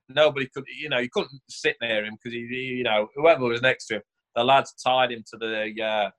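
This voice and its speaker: A man's voice: mid-range voice, fairly bright tone. A man, a former footballer telling stories in casual chat on a podcast and laughing often. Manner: boisterous storyteller, laughing often.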